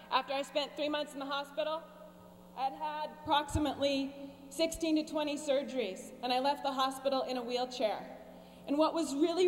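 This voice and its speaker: A woman in her forties delivers a commencement address from a podium at a large graduation ceremony venue, her voice a little high. Her humor is wry and deadpan, with sarcastic asides. Long reverb from the big space and a faint hum underneath color the sound.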